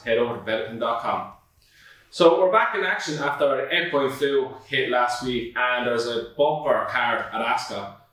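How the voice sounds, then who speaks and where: A man's voice: mid-range voice, a bit bright. A man hosting a horse racing podcast, giving blunt, emphatic opinions in casual chat. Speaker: podcast host. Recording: echoey room, far from mic.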